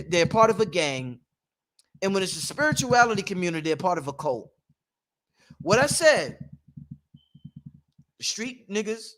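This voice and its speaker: A man hosting his own live stream, talking casually and preachily, with frequent laughter. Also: high voice. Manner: animated, preachy, laughs often. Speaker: livestream host. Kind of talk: casual livestream monologue. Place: at home.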